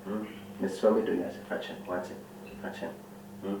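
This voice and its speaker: A man acting in a comedy skit, talking in halting, stammering bursts. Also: sits low, flat delivery, creaky, warm tone. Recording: roomy, distant, dull, faint background noise.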